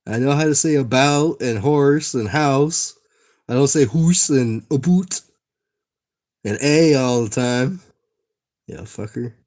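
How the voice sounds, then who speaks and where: A young man from the Southern United States, with a Tennessee Southern accent, chats casually and profanely with his livestream viewers while making dice. His voice is medium-pitched and a little mellow, and he speaks at a measured pace.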